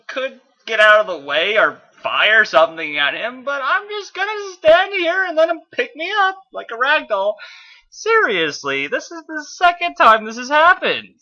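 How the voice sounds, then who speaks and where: A man voicing a cocky, defiant young male robot scout in a fanfiction reading, in a high, raised voice. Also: pushed and bright, muffled recording, full character voice.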